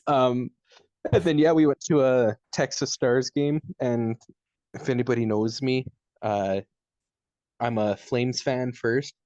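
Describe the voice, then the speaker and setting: Young Canadian man, casual podcast co-host, warm low tone, dry muffled sound. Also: fairly even intonation, slow, no echo. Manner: laid-back storytelling, lots of "dude" and laughter. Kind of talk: casual chat.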